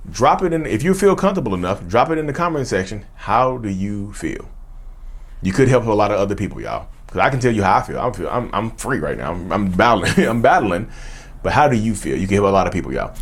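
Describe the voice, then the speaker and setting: A man hosting a mental health channel, talking straight to his viewers. He keeps asking how they feel and often says "y'all.". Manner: lively pitch swings, slows right down on questions. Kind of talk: direct-to-camera talk.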